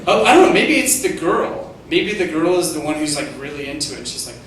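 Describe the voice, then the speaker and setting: A young man performing a stand-up comedy set, with a halting, self-deprecating delivery full of "like"s. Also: on the high side, big pitch swings, a bit bright. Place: comedy theater stage. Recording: echoey distant room recording with noise.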